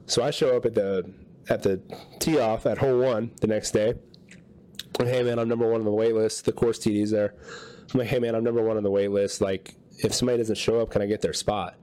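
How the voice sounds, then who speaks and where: This podcast co-host has a lowish voice and a fairly quick pace. In a relaxed chat he tells a long story, animatedly acting out people's quotes.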